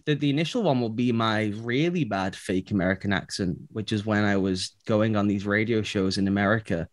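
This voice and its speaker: A man's voice: fairly low pitch, a little fast, no room sound, clean studio sound. A man from England with a Liverpool accent, co-hosting a podcast in casual chat and laughing often. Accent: English, Liverpool. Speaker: podcast co-host.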